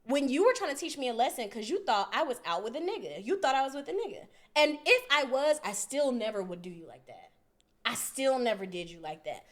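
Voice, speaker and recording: A woman's voice: on the high side, brisk. Podcast girl ranting through a messy story, cussing a lot, voice swinging all over. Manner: animated, profane, acts out both sides of arguments. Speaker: podcast co-host. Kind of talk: casual storytelling.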